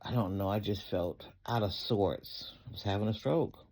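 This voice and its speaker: A man's voice: lowish voice, moderate pace, darkish tone. A middle-aged man, giving a fervent, rambling personal testimony full of praise to God. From Atlanta area, US. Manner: fervent, religious, rambling, folksy. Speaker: storyteller recounting a personal event.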